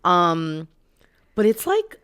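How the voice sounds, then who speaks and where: A woman co-hosts a casual chat podcast in a lowish voice. Her pitch swoops freely up and down as she goes along with her friend in a relaxed, playful way. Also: drawn-out words, clear, resonant tone. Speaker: podcast co-host.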